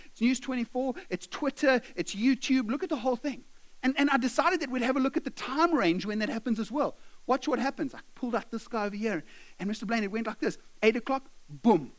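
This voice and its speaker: A man's voice: very high voice, rough recording. A man preaching a sermon, telling stories and acting out characters. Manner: animated storytelling, acting out characters. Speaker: pastor.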